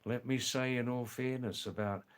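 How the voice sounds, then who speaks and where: A man's voice: mid-range voice, steady tone, normal speed, smooth. Emphatic Australian-raised man on a livestream. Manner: emphatic, repeats key phrases, frequent ums. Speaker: livestream host. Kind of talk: casual livestream chat answering viewers.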